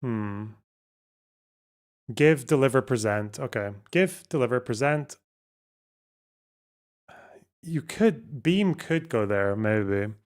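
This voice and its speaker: Slow, muttering male streamer. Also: mid-range voice, expressive, a little mellow. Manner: slow, muttering, trails off and swears casually. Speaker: livestream host. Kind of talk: casual livestream, thinking aloud over a word puzzle.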